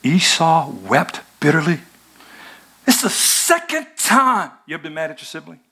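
Husky-voiced storytelling pastor. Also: male voice, on the high side, moderate pace. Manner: storytelling, animated, conversational. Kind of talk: sermon.

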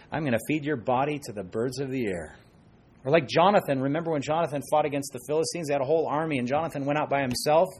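Middle-aged man, husky pastor, animated sermon with soft asides. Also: a little high. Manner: animated, dips to soft asides, acts out quoted voices.

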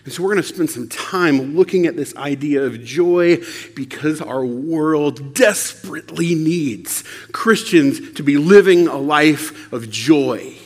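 A man preaching a sermon, conversational and animated, asking the audience rhetorical questions. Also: medium pitch, husky, long reverb tail. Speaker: pastor.

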